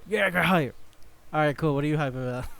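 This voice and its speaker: A man's voice: on the high side, a little fast, a bit bright, a little hiss or hum. A man co-hosting a podcast in casual chat, rambling, swearing freely and laughing often. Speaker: podcast co-host.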